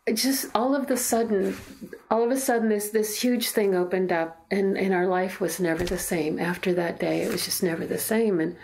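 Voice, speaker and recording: Creaky-voiced mother, earnest and halting. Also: medium pitch, fairly even intonation, a little mellow, slight background noise. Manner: earnest, halting, reflective storytelling. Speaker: mother telling her story. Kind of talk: documentary interview testimony. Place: in her own home.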